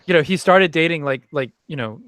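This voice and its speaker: A man's voice: on the high side, a little fast, fairly bright tone, no room sound. A man hosting a casual group chat, telling stories and laughing often. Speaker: host.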